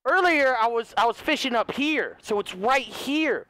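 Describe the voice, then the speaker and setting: High-voiced hoarse excitable man. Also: normal speed, dry recording. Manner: excitable, swears often, talks to his horse. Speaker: gaming video host. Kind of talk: casual let's-play commentary.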